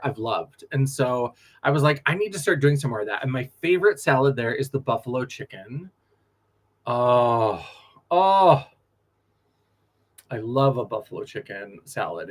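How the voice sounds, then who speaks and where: A man, a drag performer, chatting casually on a late-night livestream, animated, laughing often and drifting from story to story. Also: mid-range voice.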